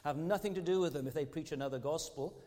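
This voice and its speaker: Warm in tone and a bit high, this pastor delivers his sermon fast, earnest as ever and leaning on rhetorical tag questions. The recording carries the long reverb of a large church hall.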